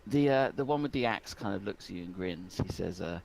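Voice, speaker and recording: A man's voice: low-pitched, animated, a little fast, vocal fry, a little mellow, low-quality recording. A man narrating a tabletop game as game master, descriptive and hesitant with ums.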